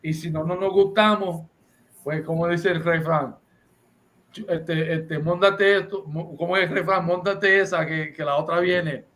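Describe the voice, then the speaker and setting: A man teaching a class, reading passages aloud and restating them forcefully in English and Spanish. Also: on the high side, fairly even intonation, normal speed, low-quality recording. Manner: preachy, reads text aloud and restates it, switches between English and Spanish.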